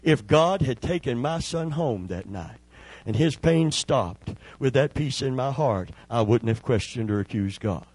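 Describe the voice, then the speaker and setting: A middle-aged male pastor preaching a sermon, telling a personal story with emotion and dropping to a hushed voice when he re-enacts a prayer. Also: mid-range voice, animated, measured pace, slightly rough, no room sound, rough recording.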